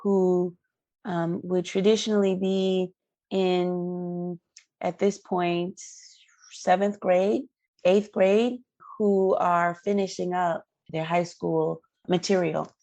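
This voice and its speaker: A woman's voice: fairly low pitch, steady tone, slow pace, dark tone, no echo, dull audio. A woman guest in an interview, telling a personal story in an earnest, emotional way. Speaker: guest parent advocate.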